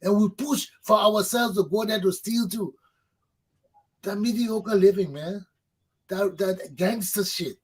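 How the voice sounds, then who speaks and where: Guy on his talk show going off, high husky voice, preachy and swearing a lot. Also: measured pace, poor audio. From Liberia. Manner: fervent, preaching, repeats for emphasis, swears. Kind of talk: impassioned political monologue.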